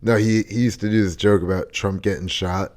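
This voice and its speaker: Deep-voiced man hosting a loose podcast. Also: fairly even intonation, fairly quick, darkish tone. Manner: loose, profane and joking. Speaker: podcast host. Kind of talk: casual chat.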